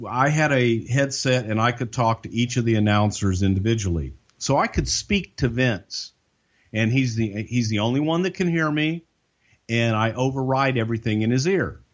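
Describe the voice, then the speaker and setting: A man casually telling an animated, profanity-laced backstage anecdote as a podcast guest. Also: fairly low pitch, dull audio.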